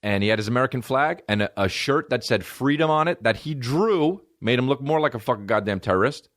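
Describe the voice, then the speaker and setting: A man hosting a podcast, telling comedic stories in a profane, animated way and acting out the people he quotes. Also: mid-range voice, a little fast. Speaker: podcast host. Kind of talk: comedic storytelling.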